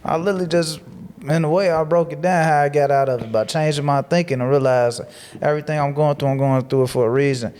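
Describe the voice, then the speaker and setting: A clean-toned, slightly high male voice talks fast on a casual podcast where he's a guest. His message is preachy and motivational, full of repeated phrases for emphasis, and he becomes animated while telling stories.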